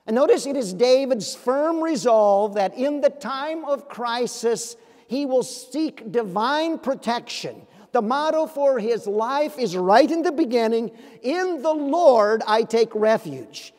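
Male pastor, earnest sermon delivery, high voice, long church echo. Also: expressive, measured pace, darkish tone. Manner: earnest, with pointed rhetorical questions. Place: church sanctuary.

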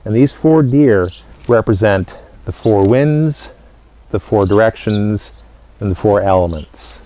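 Low-voiced man explaining step by step. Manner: explanatory, steady, pausing between short phrases. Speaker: living history presenter. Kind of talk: casual educational talk.

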